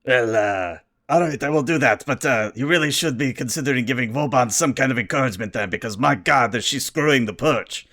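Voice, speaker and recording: Gruff pedantic alien engineer, combative and fussy, played by a man in a tabletop game. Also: medium pitch, fairly quick, hardly any pauses, a bit bright, close to an everyday voice. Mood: grumbling.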